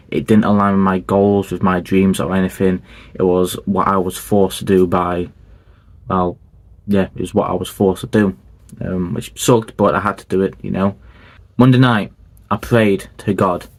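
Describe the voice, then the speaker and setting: A young man with a deep voice and an even, level delivery, talking casually as a podcast host. He rambles earnestly, restarting sentences and filling pauses as he tells his story.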